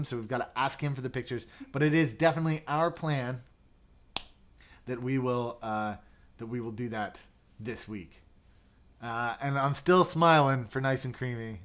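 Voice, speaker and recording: A man hosting a casual livestream, chatting loosely and reading out viewer comments with lots of fillers and restarts. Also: mid-range voice. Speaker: livestream host. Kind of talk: casual live chat.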